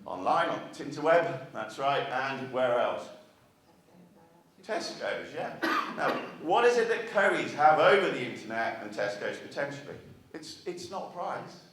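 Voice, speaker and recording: A man's voice: mid-range voice, sing-song, unhurried, a bit bright. A man delivers a marketing talk at a meeting, keeping it conversational and throwing questions back at the audience. His voice sits mid-range. It is picked up from a distance and rings heavily around a large, echoey hall. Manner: chatty, asks the audience rhetorical questions. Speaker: marketing speaker. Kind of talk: conference speech to an audience. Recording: echoey hall, mic far off.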